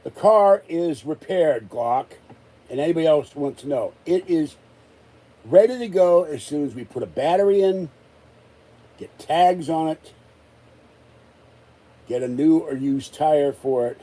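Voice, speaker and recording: A man's voice: a little high, animated, a little slow, long pauses, dark tone, rough recording. A man ranting in a rambling, exasperated way during a casual live-stream chat, still recovering from an illness. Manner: exasperated, rambling rant with many restarts. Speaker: vlogger.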